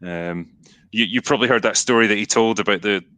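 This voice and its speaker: A man's voice: lowish voice, a little fast, pushed and bright, dry recording. A Scottish man hosting a podcast, chatting casually about films in a blunt, rambling way and swearing now and then. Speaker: podcast host. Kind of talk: casual film discussion.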